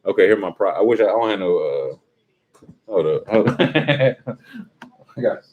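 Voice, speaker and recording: Casual streamer man, low voice, swings up high when he jokes. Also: normal speed, narrow, tinny audio. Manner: animated, joking, breaks into impressions. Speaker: streamer chatting with viewers. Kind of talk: casual livestream chat.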